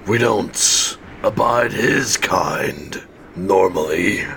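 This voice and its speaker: A man's voice: low-pitched, lively intonation, extremely slow, heavily acted. A man voicing a towering, wary bugbear warrior who speaks in curt, disdainful lines. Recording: background noise.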